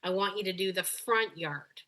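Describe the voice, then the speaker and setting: Bright, animated woman dog coach. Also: mid-range voice, normal speed. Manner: animated, acts out dog and owner voices. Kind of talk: coaching call.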